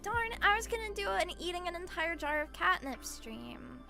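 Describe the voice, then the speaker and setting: A woman's voice: very high-pitched, big pitch swings, moderate pace, gravelly, pushed and bright, faint music behind. A young woman streamer chatting casually with her viewers, giggly and gushing, rambling with lots of "like.". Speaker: VTuber streamer.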